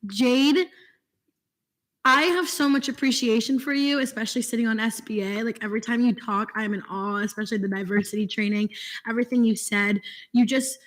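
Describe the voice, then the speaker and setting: A young woman with a slightly high voice gushes praise for fellow senators. She is enthusiastic and affectionate, speaking in quick bursts. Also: steady tone. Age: young adult. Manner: warm, enthusiastic, gushing. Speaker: student senator. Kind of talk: quick affectionate shout-outs at a meeting.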